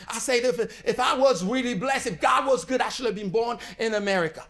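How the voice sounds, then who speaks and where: Middle-aged man with a high voice. Animated storyteller who acts out dialogue and swings from loud to hushed. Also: a little fast, hardly any pauses. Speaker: speaker at a community event. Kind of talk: motivational storytelling speech.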